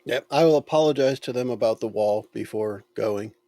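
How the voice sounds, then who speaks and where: A male tabletop player speaks in a halting way, padding his turns with fillers. The sound is dry. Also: medium pitch, dark tone, no echo. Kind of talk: tabletop game play.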